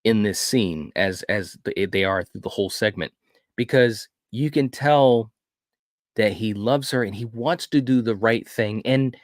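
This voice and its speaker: Speaking unhurriedly in a lowish voice, a man co-hosts a casual film review podcast on clean studio audio without echo. He rambles enthusiastically, walking through a horror movie one scene at a time.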